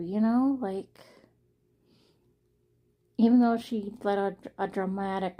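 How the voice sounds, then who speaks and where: A woman's voice: medium pitch, fairly even intonation, a little slow, muffled recording. A young woman talking casually to her viewers in a personal vlog, rambling and earnest, often repeating herself. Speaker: vlogger.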